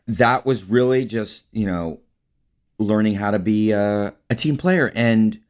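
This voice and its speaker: A man's voice: lowish voice, a little mellow. A man guest on an interview show, telling stories in a rambling, casual way, often saying "like" and "you know". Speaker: guest, actor and filmmaker.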